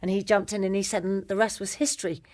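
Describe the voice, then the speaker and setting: Speaking quickly at a medium pitch, a middle-aged British woman tells a personal story as a guest in a conversation. She's animated and acts out the voices of the people she quotes.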